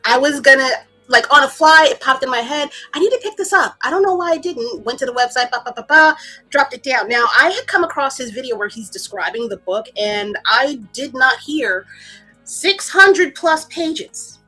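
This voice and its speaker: An excitable woman co-hosting a livestream, her talk rambling and full of laughter. Her voice sits high and sounds bright and sharp, with a husky, breathy edge. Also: moderate pace, faint music behind. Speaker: co-host. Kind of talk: casual livestream chat.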